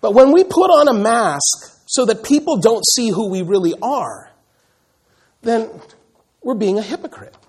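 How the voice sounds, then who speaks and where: Husky, animated preaching man. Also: high voice, measured pace. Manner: animated, acts out quoted voices, repeats words when building a point. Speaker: pastor. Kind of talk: sermon.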